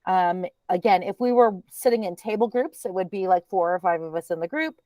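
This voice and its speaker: In a teacher training webinar, a woman presents in a relaxed, chatty way, dropping lots of ums. Her mid-range voice moves fairly quickly, and there's no echo.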